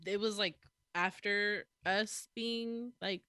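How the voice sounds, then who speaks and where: A young woman co-hosting a casual podcast chat, playful and teasing, quick to laugh. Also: mid-range voice, steady tone, a crowd in the background. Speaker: podcast co-host.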